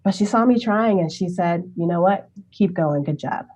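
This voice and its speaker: Animated storytelling woman in her forties. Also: lowish voice, normal speed. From Brooklyn, New York City. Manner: animated, chatty, acts out remembered dialogue, laughs often. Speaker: interview guest. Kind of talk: casual conversational storytelling.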